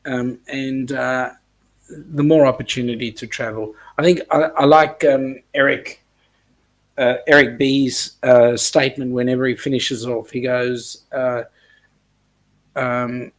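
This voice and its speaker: A man's voice: mid-range voice, steady tone, takes it slowly. A man with an Australian accent hosting a casual livestream chat, rambling with many ums and reading viewer comments aloud. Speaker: host of a cruise chat livestream.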